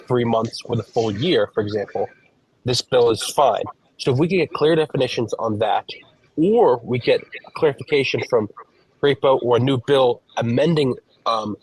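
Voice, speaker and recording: A man's voice: mid-range voice, a little mellow, breathy edge, poor audio. A man co-hosting a podcast, explaining a topic at length in casual chat, walking through examples and often restarting his sentences. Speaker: podcast co-host, professional gambler.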